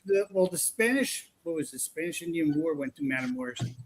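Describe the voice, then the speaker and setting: A man's voice: on the high side, fairly quick, a loud crowd. A man casually telling a long, rambling story about his paranormal investigations, full of restarts. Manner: rambling, animated retelling with restarts.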